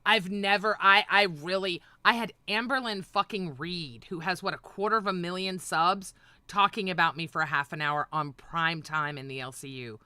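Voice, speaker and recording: A woman hosting a livestream, ranting with heavy profanity and often breaking into shouts. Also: lowish voice, moderate pace, clear, resonant tone, no room sound. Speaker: livestream host. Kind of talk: heated livestream rant.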